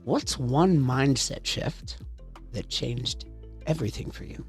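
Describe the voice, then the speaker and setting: A man's voice: mid-range voice, slow pace, soft background music. A man hosting a podcast, asking questions and summing up his guest's points in a reflective way. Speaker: podcast host. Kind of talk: casual interview.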